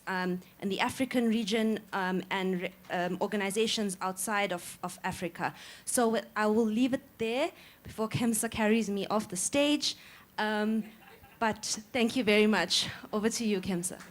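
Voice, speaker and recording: A woman moderating a panel, closing it with measured, filler-laden remarks. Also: medium pitch.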